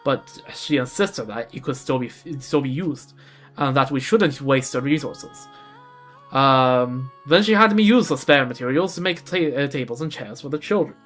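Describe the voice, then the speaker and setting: A man's voice: mid-range voice, animated, moderate pace, a bit bright, faint music behind. A man voicing a humble, earnest village carpenter in a video game, in a put-on Central European accent and stumbling now and then as he reads. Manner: reading dialogue aloud with stumbles and restarts.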